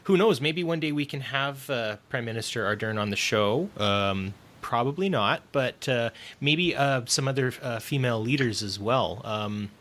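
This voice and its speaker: A man hosting a podcast in casual chat, pausing often with ums and uhs. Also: mid-range voice, animated, a bit bright. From Canada. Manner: hesitant, heavy on fillers. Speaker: podcast host.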